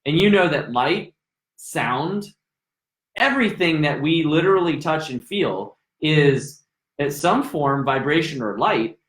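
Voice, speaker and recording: A man's voice: fairly high pitch, lively intonation, a little slow, a bit bright. A man hosting a podcast, talking in a reflective, musing way in casual conversation. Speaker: podcast host. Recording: roomy echo.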